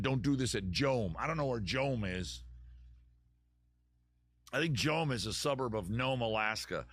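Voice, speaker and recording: In a dry recording from his city home, a comedy podcast host with a fairly low, slightly bright voice runs his advice show in loose, self-mocking chat. His voice is a little worn after weekend shows, and he strays off topic and imitates a Southern lawyer.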